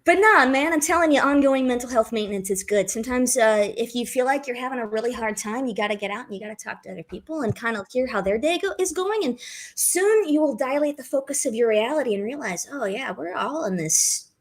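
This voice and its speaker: A woman chatting as a guest on a podcast, animated and quick to laugh, into a studio condenser mic. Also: a little high. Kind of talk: casual podcast chat.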